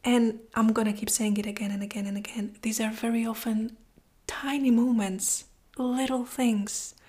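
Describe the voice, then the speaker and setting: A woman speaking in a heartfelt, reflective personal monologue, often dropping to a soft whisper and moved to tears. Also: fairly high pitch, flat delivery, moderate pace. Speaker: vlogger.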